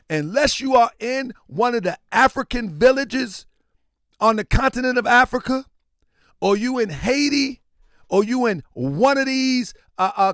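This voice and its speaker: A man's voice: extremely high pitch, fairly bright tone, dry recording, studio quality. A man hosting his own commentary show, delivering an impassioned monologue with emphatic repetition and strings of rhetorical questions. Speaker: host of a commentary channel.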